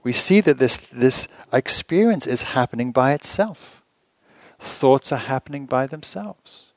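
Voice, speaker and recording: A male meditation teacher gives an evening retreat talk in a relaxed, conversational way, with a mid-range voice and a dry, close sound. He asks the listeners rhetorical questions and keeps a gentle humor. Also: medium pitch, measured pace, dry recording.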